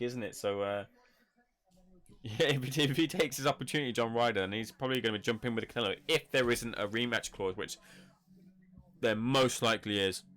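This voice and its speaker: A man hosting a live boxing reaction stream, talking in a chatty, rambling, animated way. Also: medium pitch. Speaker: boxing channel host. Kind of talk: live fight reaction commentary.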